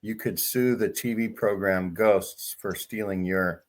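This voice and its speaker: A man hosts the conversation in a low voice. He breaks in with dry, wry jokes before steering the talk back on track. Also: steady tone, measured pace, slight background noise. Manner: dry, joking asides. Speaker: host. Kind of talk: conversational interview.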